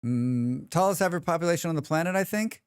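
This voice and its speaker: A man's voice: a little high, expressive, fast, clean tone, no echo, studio quality. A man with an American accent, chatting casually on a live stream, rambling and reading his chat aloud. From United States.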